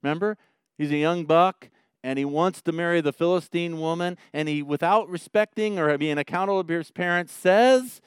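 A man's voice: fairly high pitch, fairly quick, smooth, dry recording, clean studio sound. A man preaching a conversational sermon with joking asides, explaining as he goes. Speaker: pastor.

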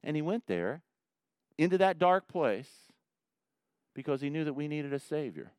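Male pastor, sermon delivery, unhurried, resonant and clean, swings from hushed intensity to near-shouting fervor. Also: fairly high pitch, very animated, smooth, dry recording. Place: church in Indianapolis.

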